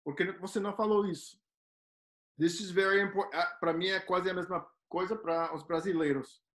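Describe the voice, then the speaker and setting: Co-teacher, playful, lively, medium pitch, echoey room, video call. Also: a little fast. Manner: lively, playful, acts out dialogues. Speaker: co-teacher and translator. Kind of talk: casual classroom chat. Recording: roomy echo.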